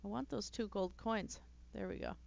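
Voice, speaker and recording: A woman's voice: medium pitch, moderate pace, vocal fry, a little mellow, muffled recording. A woman streaming a let's play, chatting casually and giggling as she plays, often trailing off into fillers. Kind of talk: casual gameplay commentary.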